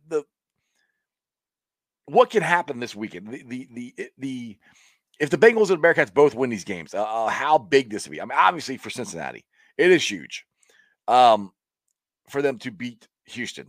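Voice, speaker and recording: A man's voice: mid-range voice, no echo. A man hosting a casual live-stream sports talk show, reading viewer comments in an upbeat, rambling way, often repeating words and chuckling.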